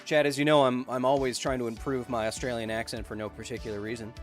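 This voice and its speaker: A man's voice: medium pitch, quick pace, soft background music. Upbeat man hosting a science livestream. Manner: upbeat, jokey, bursts of excitement. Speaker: science YouTuber host. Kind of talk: livestream chat, reading viewer donations.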